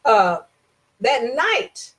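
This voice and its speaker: A woman's voice: on the high side, very animated, extremely slow, fairly bright tone. A woman giving an informal talk on contract rights. She tells a personal story, repeats herself for emphasis and acts out both sides of the dialogue.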